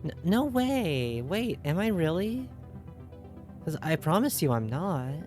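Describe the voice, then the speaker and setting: A woman's voice: on the low side, very animated, takes it slowly, darkish tone, faint music behind. A young woman streaming a game, chatting casually and asking her viewers lots of questions. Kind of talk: casual livestream chat.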